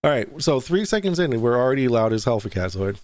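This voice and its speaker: A young man hosts a casual livestream in a loose, chatty way. He reads viewer donations aloud and swears offhandedly. His voice sits at an ordinary middle pitch. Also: very animated, fast talker, darkish tone, no echo. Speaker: livestream host.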